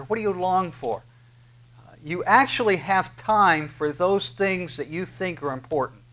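A man's voice: on the high side, a bit bright. A man preaching a sermon, earnest and questioning, with frequent filler sounds as he reads and explains scripture. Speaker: pastor.

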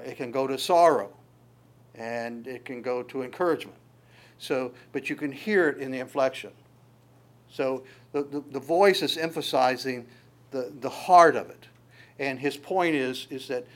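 A man teaching a sermon on a Bible passage in a conversational way, often stumbling and repeating words as he explains. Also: medium pitch. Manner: halting, repeats words, frequent restarts; conversational, folksy storytelling. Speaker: pastor.

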